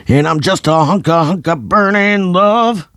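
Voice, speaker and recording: A man voicing a drunk, sweaty man who howls a rock-and-roll song in a high, drawn-out croon. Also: a bit bright, no room sound, studio quality, full character voice. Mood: belting. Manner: howling, drawn-out singing.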